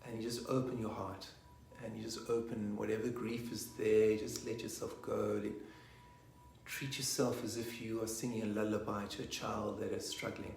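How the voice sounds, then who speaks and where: A man leading a guided meditation online, soft-spoken and slipping into whispers at times. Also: lowish voice, level tone, moderate pace, gravelly, soft background music. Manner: rocks forwards and back while chanting. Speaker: meditation teacher. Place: online session from a room. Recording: roomy echo.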